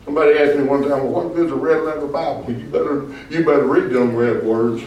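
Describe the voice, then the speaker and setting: Emphatic pastor, echoey and distant. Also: male voice, a little high, steady tone, quick pace, darkish tone, muffled recording. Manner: emphatic, calls for "Amen?" replies. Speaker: pastor leading a Bible study. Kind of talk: preaching Bible study. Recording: echoey room, far from mic.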